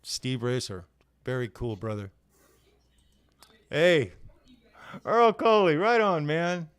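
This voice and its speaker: Laid-back man greeting viewers, smooth voice. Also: on the high side, sing-song, takes it slowly, no echo. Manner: laid-back, friendly, says "right on, man" often. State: worn out from heavy physical labor. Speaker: live show host. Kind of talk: casual livestream chat greeting viewers.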